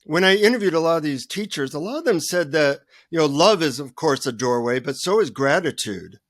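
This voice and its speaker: A man who is a guest author, telling humorous, animated stories in a remote interview. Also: a little high, brisk, dry recording, studio quality. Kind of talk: storytelling in an interview.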